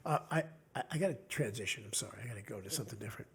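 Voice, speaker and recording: A man with a Delaware Valley accent talks as an author guest on a casual podcast. His voice is gravelly and very husky, and he rambles in an animated way. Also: lowish voice, rapid-fire. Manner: rambling, animated, acts out quotes.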